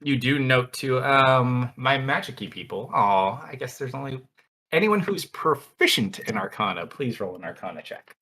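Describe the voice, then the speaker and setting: A man's voice: mid-range voice, expressive, moderate pace, pushed and bright. A man narrating a tabletop role-playing game as dungeon master in a laid-back way, often laughing as he goes.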